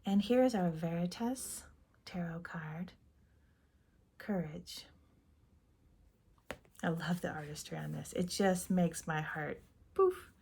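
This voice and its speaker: A woman giving a gentle, meandering tarot reading in a soft-spoken voice that drifts into half-whispers. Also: on the low side, takes it slowly, gravelly, pauses often, husky. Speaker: tarot reader.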